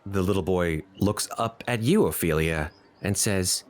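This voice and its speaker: A man narrating a tabletop game as dungeon master, telling the scene in an expressive, descriptive way. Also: low-pitched, measured pace, few pauses.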